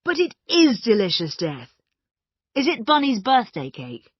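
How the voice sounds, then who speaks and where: A lively, teasing young man, played by a woman narrator, his voice pitched up and bouncing. The storybook recording sounds dry and slightly muffled. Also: measured pace, breathy edge, dry recording, heavily acted.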